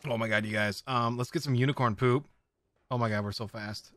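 A man giving casual running commentary as he plays a video game, talking to his viewers and often bursting into excited exclamations. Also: medium pitch, a little fast, no echo. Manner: excitable, squeals often, chatty. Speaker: game streamer.

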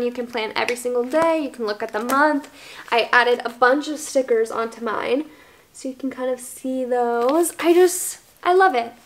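A woman's voice: high voice, slight background noise. A woman in her early twenties from the United States, chatting in a casual favorites vlog at home, bubbly and gushing with lots of fillers, recorded on the camera's microphone. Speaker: vlogger.

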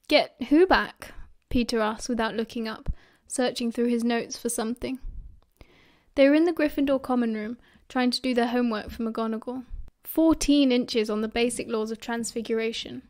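A woman with a British accent reading a fan audiobook in steady storytelling narration. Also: on the high side, normal speed.

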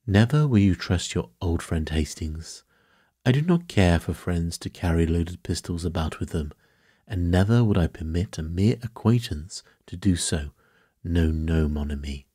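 A man's voice: sits low, expressive, unhurried, mellow, breathy edge, no room sound, studio quality, heavily acted. A man voicing a courteous, fussy elderly detective in a bedtime story reading, speaking formally with mild reproof. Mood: calm. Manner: formal, mildly reproving, polite.

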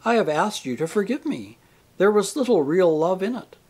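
A man voicing a radiant, saintly woman spirit who speaks tenderly and with gentle teasing in a storybook reading. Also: sits high, very animated, normal speed, husky, pitched above the performer's own voice, heavily acted. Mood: earnest.

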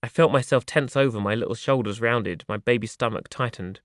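A man reading his memoir aloud in a soft, wry, reflective way. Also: mid-range voice, fairly quick, no room sound, clean studio sound. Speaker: audiobook narrator.

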